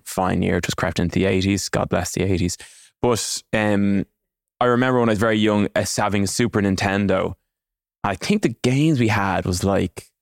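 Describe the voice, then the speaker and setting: Man in his thirties, gravelly edge, dry close sound, playful quiz host. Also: sits low, no room sound. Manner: teasing, joking. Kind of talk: casual quiz banter.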